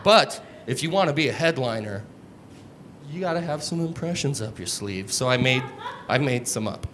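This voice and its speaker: A man doing a stand-up comedy set on a club stage, deadpan, crude and self-mocking, on a handheld mic. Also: medium pitch, moderate pace. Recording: live stage mic with room noise.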